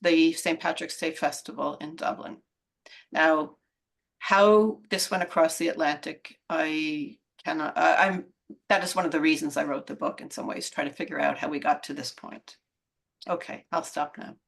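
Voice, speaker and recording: A woman author talking through her research in a relaxed video-call interview, thoughtful and explanatory, often trailing off mid-sentence. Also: low-pitched, moderate pace, vocal fry. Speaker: author and guest.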